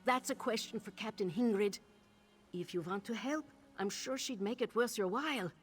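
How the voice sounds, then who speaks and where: A woman's voice: medium pitch, normal speed, natural voice. An actress as a weary garrison guardswoman. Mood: worried. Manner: flat, uneven delivery.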